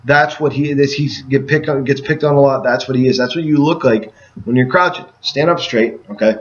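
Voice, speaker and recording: A man's voice: medium pitch, brisk, dull audio. A man giving a casual sales training talk to door-to-door canvassers. He speaks emphatically and keeps checking in with "okay?" after each point.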